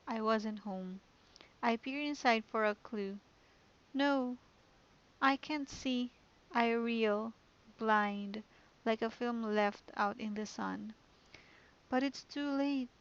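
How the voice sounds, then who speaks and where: Woman reading a poised schoolgirl club leader from a game, gentle and calm, on a dull lo-fi mic. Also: on the high side. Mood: hushed. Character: poised confident teen girl club president. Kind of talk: reading game dialogue aloud.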